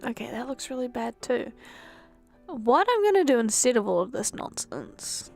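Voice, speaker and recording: A woman's voice: fairly high pitch, big pitch swings, moderate pace, creaky, a little mellow, faint music behind. A woman streamer chatting casually while she draws, rambling with self-mocking asides. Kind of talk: casual chat while drawing.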